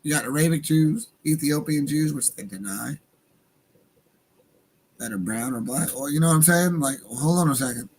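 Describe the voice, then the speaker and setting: Native American man, livestream host, slightly high voice, rambling and profane, faint background hiss. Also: moderate pace, low-quality recording. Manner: rambling, profane, laughs at his own jokes. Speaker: livestream radio show host. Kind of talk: casual livestream commentary.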